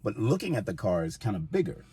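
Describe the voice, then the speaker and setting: A man's voice: fairly low pitch, very animated, fast, warm tone, breathy edge. A middle-aged man co-hosting a podcast from inside a car, laid-back and joking. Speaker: podcast co-host. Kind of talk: casual chat.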